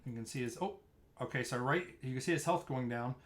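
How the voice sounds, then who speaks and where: This is a young man casually breaking down a game fight over replay footage. He speaks in a loose, conversational way, often circling back to restart a thought. His voice sits at an everyday middle pitch. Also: a little fast. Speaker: streamer explaining raid tanking. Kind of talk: casual gameplay walkthrough.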